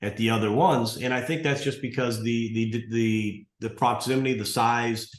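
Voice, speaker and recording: A man's voice: mid-range voice, fairly even intonation, normal speed. A man in his sixties talks through a long story in a casual interview, wandering and restarting as he goes. He acts out both sides of past conversations, and a roomy echo hangs around his voice. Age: 60s. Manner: rambling, restarts often, acts out dialogue. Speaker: martial arts school owner, guest.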